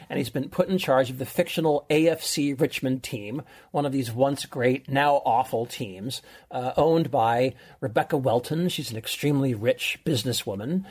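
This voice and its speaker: A man's voice: medium pitch, husky. A man hosting a chatty show, talking enthusiastically and laughing easily. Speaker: show host, reviewer. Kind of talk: casual chat.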